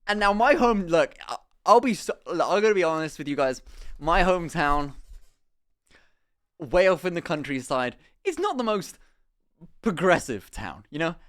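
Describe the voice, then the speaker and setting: A young man chats to his stream with a slightly high voice, swearing and restarting his sentences as he rambles through a story. He sounds animated and casual, stepping off into asides as he goes. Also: normal speed. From England. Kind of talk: casual storytelling to a live chat.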